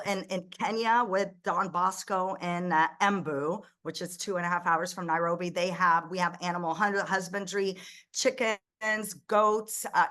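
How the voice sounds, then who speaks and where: Woman, middle-aged, interview guest, lively storytelling, acts out dialogue, medium pitch. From Egypt, raised in the United States. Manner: animated storyteller, frequent restarts and quoted dialogue. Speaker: ministry founder, guest. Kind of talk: conversational interview.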